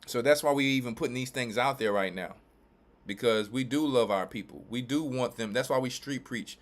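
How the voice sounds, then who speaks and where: A mid-pitched man from Louisiana and Texas speaks as a church elder and pastor. He preaches his commentary emphatically, repeating himself and restarting his phrases. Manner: emphatic and repetitive, with quick restarts.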